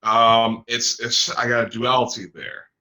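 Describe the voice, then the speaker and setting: A man hosting a talk show, speaking in a hesitant, deliberate way with many ums. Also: medium pitch, level tone, sharp tone, rough recording. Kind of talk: casual talk show chat.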